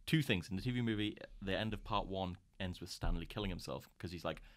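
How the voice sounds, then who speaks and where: Very deep-voiced young man, rambling. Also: quick pace, dry recording. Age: young adult. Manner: rambling, retells scenes with lots of "like". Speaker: podcast co-host. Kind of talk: casual film chat.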